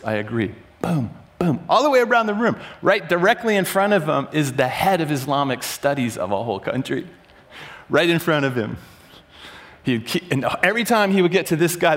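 A slightly high-voiced man preaches to a crowded room, telling a story with lively energy. He shifts from quiet, low asides to sudden loud, animated bursts as he acts out what others said. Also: fairly quick. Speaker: pastor. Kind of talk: sermon storytelling. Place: large room before an audience.

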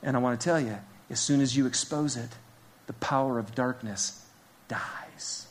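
A pastor preaches to his church congregation, speaking casually and straight to the crowd. His mid-range voice moves fairly quickly, sinking to hushed whispers and then climbing to loud, urgent emphasis.

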